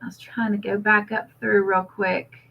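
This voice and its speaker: Her delivery is flat and her voice creaky at a medium pitch, moving at a moderate pace. Still, this woman hosting a casual livestream is chatty and warm as she reads out and responds to viewer comments, laughing often over slightly dull lo-fi sound.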